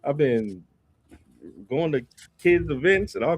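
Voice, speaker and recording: A man's voice: on the high side, animated, moderate pace, long pauses, slightly rough, no room sound, highs cut off. A man co-hosting a comics podcast, tired and easygoing, laughing and teasing his partner. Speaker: podcast co-host. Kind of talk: casual podcast chat.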